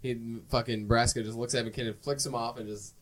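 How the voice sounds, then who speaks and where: A man in casual podcast chat recaps a film scene by scene, swearing freely and getting worked up as he goes. His voice sits at an everyday middle pitch. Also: brisk, distant mic, rough recording. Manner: profane, animated retelling of scenes. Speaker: podcast co-host. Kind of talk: casual movie review chat.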